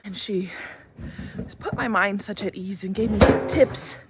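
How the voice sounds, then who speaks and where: A woman's voice: medium pitch, measured pace, noisy background. A young woman vlogging from her barn, talking casually to the camera and her cow, emotional and tearful at times. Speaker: homesteader vlogger. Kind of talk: casual vlog talk to camera.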